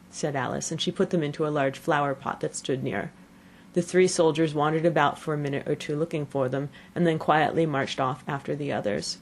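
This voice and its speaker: A woman with a low voice reads a children's tale aloud. Her narration is measured and expressive, slowing for description. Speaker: audiobook narrator. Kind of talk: storybook narration.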